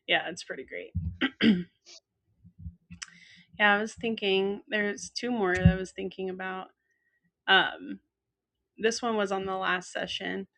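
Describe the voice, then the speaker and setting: A woman's voice: mid-range voice, slow pace, vocal fry, pauses often. A woman co-hosting a podcast, telling funny stories in casual chat, acting out quoted lines with frequent laughs. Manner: animated storyteller acting out quotes, laughs often. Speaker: podcast co-host.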